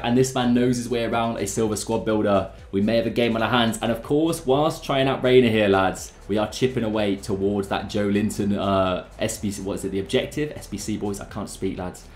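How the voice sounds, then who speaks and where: A young man giving excitable, chatty commentary over his own football video game match, talking straight to his viewers. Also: lowish voice, reverberant. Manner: excitable, chatty, keeps addressing the lads. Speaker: gaming YouTuber. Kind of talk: live gameplay commentary.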